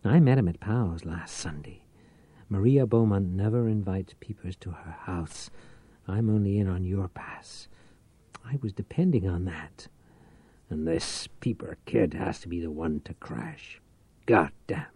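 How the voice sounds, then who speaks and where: A man voicing a ruthless, driven schemer who talks in a curt, low growl. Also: animated, unhurried, warm tone, breathy edge, dry recording, exaggerated voice. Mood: grim.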